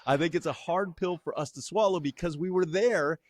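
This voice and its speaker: Animated man co-hosting a podcast. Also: fairly high pitch, normal speed, dry recording. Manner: animated, thinks aloud with many restarts. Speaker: podcast co-host. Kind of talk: casual chat.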